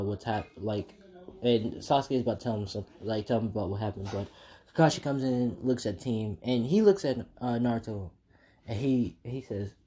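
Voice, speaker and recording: A man's voice: fairly low pitch, dark tone. A man casually improvising a fan-made story, rambling with many fillers.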